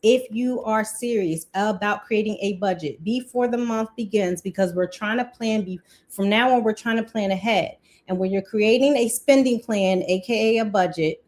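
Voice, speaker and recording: A chatty woman hosts a budgeting livestream. Her voice sits at an ordinary middle pitch, and she laughs often, breaking off her own sentences. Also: a little mellow. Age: 40s. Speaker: livestream host. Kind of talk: casual live-stream teaching.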